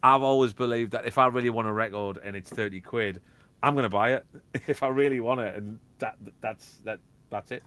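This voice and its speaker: A man, a DJ and label owner, chatting casually and telling animated stories that act out beats and quotes. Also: medium pitch, fairly quick, no room sound. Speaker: guest, DJ and record label owner. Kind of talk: casual chat.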